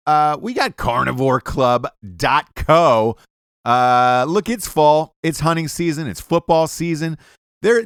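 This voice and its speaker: A brash male podcast host rattles through sponsor reads with a lively, swooping pitch and plenty of swearing. His voice is close and dry, with no room around it. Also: no echo. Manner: brash, profane, joking delivery. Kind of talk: casual podcast ad reads and chat.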